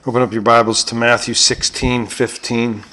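A man preaching a sermon with animated storytelling, swinging between loud bursts and hushed asides. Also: mid-range voice, normal speed. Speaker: pastor.

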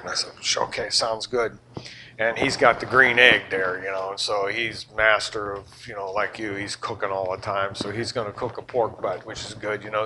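An older man with a Southern US accent preaching a sermon, animated and joking with his congregation. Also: mid-range voice, normal speed, slight background noise, rough recording. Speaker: pastor.

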